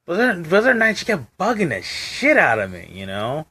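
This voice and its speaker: Lively, high-pitched male storyteller. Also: normal speed, breathy edge. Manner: animated storytelling, acting out quoted voices, many restarts. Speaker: co-host. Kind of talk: casual chat on a live stream.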